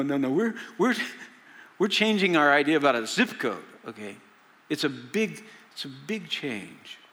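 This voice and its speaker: A man's voice: medium pitch, pushed and bright. Older guy pastor preaching, folksy, lots of uh's, echoey big church. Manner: folksy storytelling with frequent "uh" fillers. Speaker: senior pastor. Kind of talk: sermon. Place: large church hall. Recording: long reverb of a large hall.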